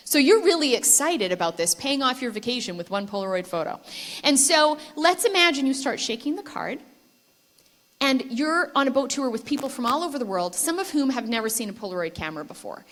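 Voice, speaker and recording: A woman with a bright, high voice speaks to a conference audience. She tells a story to make her point and asks the listeners questions as she goes. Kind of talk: persuasive talk with storytelling. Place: conference hall with live audience.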